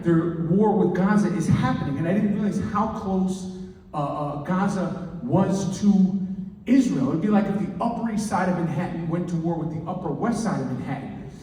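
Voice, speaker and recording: Middle-aged New comic telling stories live, loud and animated; distant, reverberant hall. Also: male voice, high voice. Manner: animated, loud, repeats words as he talks. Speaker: comedian and storyteller. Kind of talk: live stand-up storytelling. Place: large hall, indoors. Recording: echoey hall from far off.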